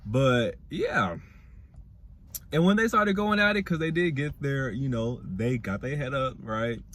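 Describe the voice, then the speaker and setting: A young man with a Black dialect, giving a sassy, animated casual review of a reality show. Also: unhurried, a little hiss or hum. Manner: animated, sassy, mimics cast members in high voices. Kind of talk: casual commentary.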